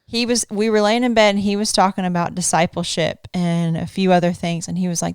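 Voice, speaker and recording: A woman guest on a podcast in casual chat, teasing and animated as she tells a story into a studio microphone. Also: fairly low pitch, quick pace, few pauses, clear, resonant tone, no room sound.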